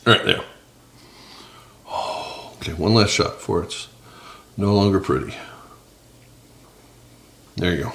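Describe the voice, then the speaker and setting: A man's voice: deep voice, animated, measured pace, vocal fry, pauses often, a bit bright, echoey room, a little hiss or hum. A man hosting a casual cooking vlog from his small home kitchen, chatting and joking with viewers. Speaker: cooking channel host. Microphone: several cameras on the counter.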